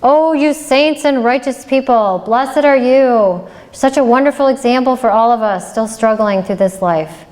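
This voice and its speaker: A woman voicing an earnest, bewildered young male monk, declaiming slowly and theatrically in a reverberant lecture hall. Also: on the high side, voice pushed up, close to an everyday voice. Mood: gushing. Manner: loud, slow, theatrical declaiming.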